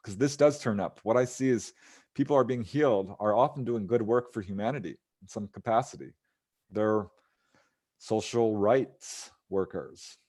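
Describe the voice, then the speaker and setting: Pitched on the low side and somewhat mellow, this male voice moves at an ordinary pace. As a ufologist on an interview, he relaxes into telling a case, putting on the voices of those he cites and laughing softly as he talks.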